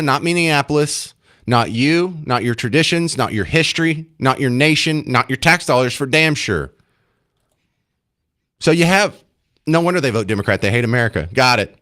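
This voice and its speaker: A man's voice: on the high side, a bit bright. A man hosting a talk radio show, giving emphatic, indignant commentary.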